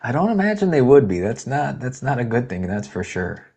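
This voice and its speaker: A man's voice: medium pitch, big pitch swings, fairly quick, gravelly, mellow, husky. A man hosting a casual livestream, talking in a loose, rambling way and reading viewer comments aloud. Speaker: host.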